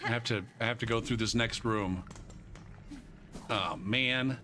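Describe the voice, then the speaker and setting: A man streaming a live playthrough, excitable and swearing a lot as he talks to himself over clear game music. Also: medium pitch, unhurried. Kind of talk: live gameplay commentary.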